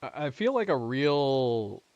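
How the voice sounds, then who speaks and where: A man's voice: medium pitch, sing-song, slow pace, a little mellow, no room sound, muffled recording. A man hosting a let's play, musing aloud about the game in a casual, chatty way. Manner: chatty, musing, chuckles often. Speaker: gaming channel host.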